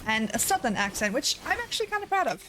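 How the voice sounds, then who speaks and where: Chatty higher-voiced woman streamer. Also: sing-song, fast, a bit bright, a little hiss or hum. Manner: chatty, swears freely, laughs often. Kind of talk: casual gameplay chat.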